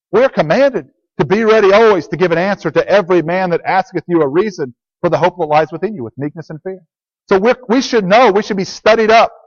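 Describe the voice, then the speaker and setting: A man preaching a sermon to a congregation, earnest and plain, repeating key phrases as he teaches. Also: sits high. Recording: dull lo-fi recording.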